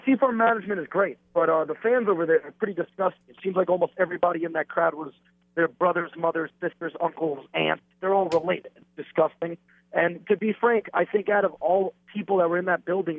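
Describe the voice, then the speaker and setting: A brash, arrogant man taunts his interviewer over a tinny, dry phone line. He talks fast, in a somewhat high voice. His manner is that of a wrestling heel. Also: steady tone, no room sound.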